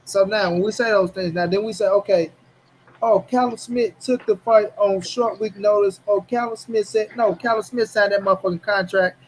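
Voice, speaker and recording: A man co-hosting a boxing talk show, arguing loudly and profanely, talking over the other host in a heated casual debate. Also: high-pitched, steady tone, moderate pace, slight background noise, poor audio.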